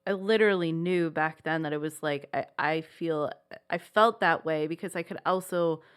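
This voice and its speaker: A woman's voice: deep voice, moderate pace, smooth. A woman co-hosting a podcast in casual chat, rambling reassuringly and filling her sentences with "like". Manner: rambling, reassuring, many fillers like "like". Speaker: podcast co-host.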